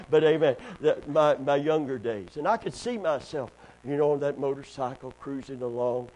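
A middle-aged man, preaching a sermon with call-and-response to the congregation and building to loud, fervent delivery. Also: mid-range voice, poor audio. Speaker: pastor.

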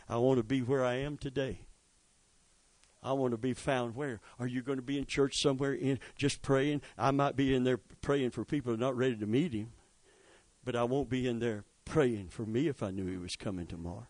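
A man preaching a sermon, swinging from quiet storytelling to loud rising exhortation with asides to the congregation. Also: mid-range voice, no room sound. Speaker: pastor.

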